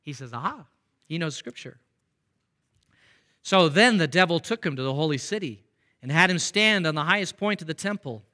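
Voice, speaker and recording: A pastor preaches a sermon conversationally, reading verses aloud and putting rhetorical questions to the congregation. His voice is fairly high for a man, bright and forward in tone, expressive and a little fast.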